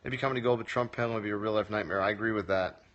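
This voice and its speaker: A man's voice: lowish voice, fairly even intonation, rapid-fire, a bit bright, highs cut off. A man running a casual livestream Q&A as a comedy teacher, reading viewers' comments aloud and answering them with dry jokes. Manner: wry, joking, reads comments aloud and answers. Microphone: phone livestream.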